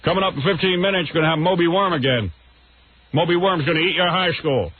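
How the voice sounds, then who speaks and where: A man's voice: on the high side, quick pace, husky. Man mimicking a goofy quacking disc jockey. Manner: silly, quacking, sing-song patter. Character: goofy old-school male morning disc jockey. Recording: tinny phone-like radio recording.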